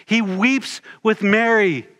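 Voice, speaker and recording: A man's voice: high-pitched, slow pace, fairly bright tone. A man preaching a sermon in an earnest way, building his points through repeated phrases.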